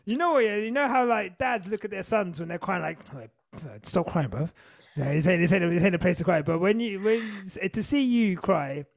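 A young man co-hosting a casual podcast, slangy and given to loud bursts. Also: sits high, expressive, fairly quick, vocal fry, hardly any pauses. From Britain. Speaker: podcast co-host.

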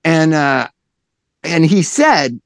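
A middle-aged man holds the floor on a podcast, swinging his pitch all over as he tells a story. His voice has a gravelly edge, and the room is dry and close. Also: extremely slow, no room sound. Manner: animated storyteller, acts out quotes in lowered voices. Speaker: podcast co-host. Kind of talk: casual storytelling chat.

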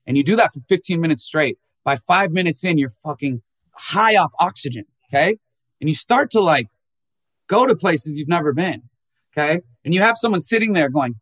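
A young man talks openly as an interview guest, slightly high-voiced and heard close and dry. He tells stories with feeling and acts out what others said, pushing his voice higher for each quote. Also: moderate pace, no room sound. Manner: animated storyteller who acts out quotes in a higher voice. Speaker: musician guest. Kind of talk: candid emotional interview talk.

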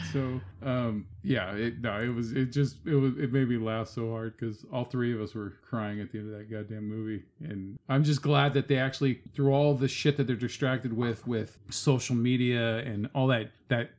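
A man in his forties hosting a casual podcast chat, telling long rambling stories laced with swearing. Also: mid-range voice. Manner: profane, rambling storyteller. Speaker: podcast host.

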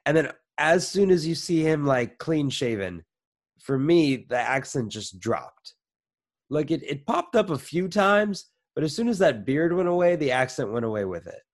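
A man's voice: fairly high pitch, sing-song, moderate pace. Easygoing man joking about movies. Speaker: podcast co-host. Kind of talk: casual movie review chat.

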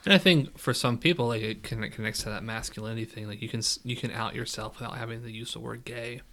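A man who is a podcast guest, chatting in a relaxed way with many hedges and fillers. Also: mid-range voice, fast talker. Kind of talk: casual chat.

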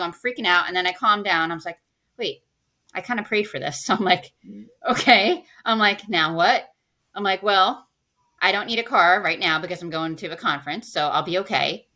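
Bright-voiced woman telling a lively story. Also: medium pitch, brisk. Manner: animated storyteller acting out her own past lines. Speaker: podcast guest, financial planner. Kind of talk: storytelling in casual interview.

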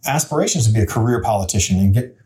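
A lively, rapid-fire man's voice, lowish and dark in tone. He's a city council member in his forties, a guest on an interview, telling a story candidly in an earnest, plainspoken manner and restarting his sentences often.

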